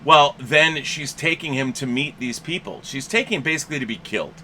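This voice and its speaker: A man co-hosting a casual movie discussion, relaxed and conversational, adding details and corrections. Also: on the high side, brisk, a little hiss or hum. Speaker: podcast co-host.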